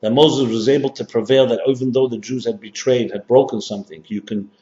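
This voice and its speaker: Emphatic rabbi in an echoey hall. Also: male voice, mid-range voice, steady tone, a little fast, mellow. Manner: emphatic, repetitive, rising to stress points. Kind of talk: sermon-style workshop lecture. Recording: dull, echoey hall recording.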